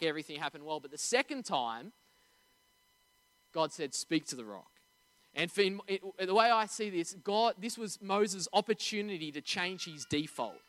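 A man's voice: a little high, in a large hall. A man preaching a sermon, telling stories with energy and asking the congregation questions. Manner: storytelling, animated, asks the audience questions. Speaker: pastor.

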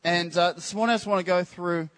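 A man's voice: high voice, fairly even intonation, a bit bright. Chatty, teasing man preaching a sermon. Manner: chatty, teasing, addresses the crowd with quick questions. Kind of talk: casual, joking sermon to a congregation. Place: church service.

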